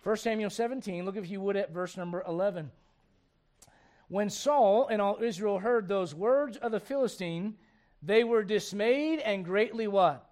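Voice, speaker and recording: High-voiced, animated male preacher. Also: normal speed. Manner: animated, acts out quoted voices, asks the crowd questions. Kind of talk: sermon.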